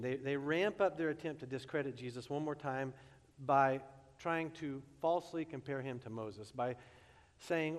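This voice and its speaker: A pastor delivers an expressive sermon at a moderate pace, his mid-range voice dramatizing each quote he reads, while the big hall trails long reverb behind him.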